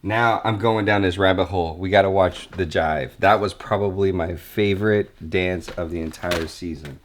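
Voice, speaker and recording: A man's voice: low voice, normal speed. A man hosting his own video, chatting casually and animatedly as he watches old footage, acting out what others said. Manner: animated, acts out quotes of others. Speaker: vlog host.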